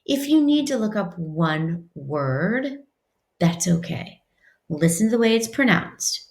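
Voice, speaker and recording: A woman teaching a French class, talking casually in English and slowing down to model French words. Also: fairly low pitch, animated, creaky. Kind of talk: classroom lesson. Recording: echoey room.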